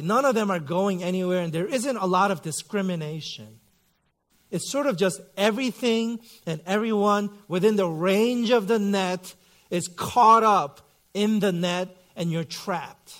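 A man in his thirties, a pastor giving a sermon in a relaxed, conversational storytelling way with lots of fillers. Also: high voice, unhurried. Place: church sanctuary.

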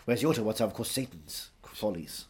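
A man doing a comedic impression of a pompous older Welsh gentleman, drawling and grandly repeating praise. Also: on the low side, animated, quick pace, breathy edge, voice pushed down. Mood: pompous, mock-grand. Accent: put-on Welsh. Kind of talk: comedic impression in casual chat. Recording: faint background noise.

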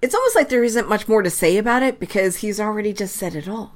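A woman co-hosting a casual sports podcast, chatty with quick asides and frequent laughter. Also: medium pitch, expressive. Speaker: podcast co-host. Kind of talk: casual hockey chat.

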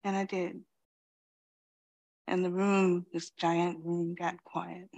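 A woman gives a dharma talk, reflective and unhurried. She is in her fifties, speaks slowly and pauses often, with many "you know"s between her thoughts. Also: fairly low pitch, flat delivery, gravelly, a little mellow. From Queens, New York. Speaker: Zen teacher.

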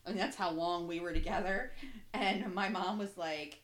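A woman's voice: lowish voice, normal speed. A young adult woman chatting casually as a podcast co-host, laughing often and telling stories animatedly. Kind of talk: casual chat. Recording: echoey room.

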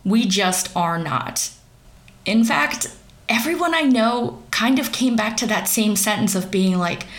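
A woman's voice: mid-range voice, expressive, measured pace, a bit bright. A young woman from central Pennsylvania giving sarcastic, wry commentary on celebrity gossip.

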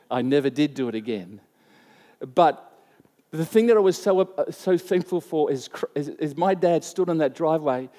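A man's voice: fairly high pitch, dark tone. A man preaching a sermon, telling a personal story in a conversational way and acting out the voices of the people in it. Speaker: pastor. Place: church hall. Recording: long reverb of a church hall.

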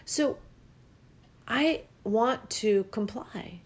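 A woman's voice: on the high side, animated, slow, darkish tone. A woman giving a reflective spiritual talk about listening to the body, earnest and repetitive, her voice rising with feeling and at times close to tears.

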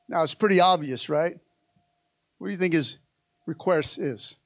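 A man's voice: fairly high pitch, normal speed, dry recording. A man preaching a rousing sermon, calling on the congregation and repeating lines for emphasis. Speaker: pastor.

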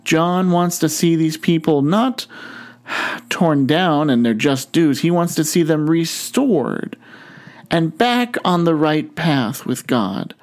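A male pastor preaching a sermon in a storytelling manner, slowing down and stretching words for emphasis. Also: on the high side, lively intonation.

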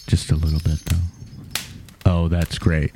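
Slow-talking deadpan man, noisy room. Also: very deep voice. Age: adult, married. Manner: deadpan, breaking into laughter. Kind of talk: comedic poem reading. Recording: noisy background.

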